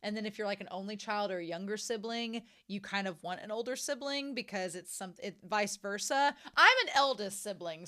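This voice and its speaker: A woman's voice: medium pitch, animated, normal speed, hardly any pauses, sharp tone. A young adult woman recapping an anime episode in casual, chatty talk, full of "like" fillers and gushing reactions.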